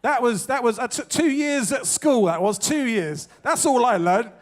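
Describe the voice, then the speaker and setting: A man introduces acts at a live evening show, chatting comically with the audience and poking fun at himself. He speaks at a moderate pace in an extremely high-pitched voice with lively intonation.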